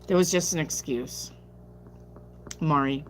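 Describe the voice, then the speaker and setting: Brief: lower-voiced woman, sleepy live-stream tarot reader, blunt casual answers, faint hum behind. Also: slow pace. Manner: chatty, reads viewer questions aloud and answers bluntly. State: sleepy, yawning.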